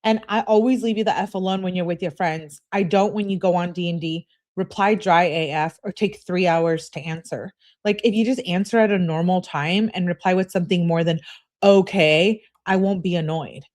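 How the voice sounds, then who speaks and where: A woman's voice: lowish voice, moderate pace, darkish tone, lightly acted. A woman reading aloud as an upset teenage girl, clingy and indignant, complaining in an exasperated way. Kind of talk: reading text messages aloud.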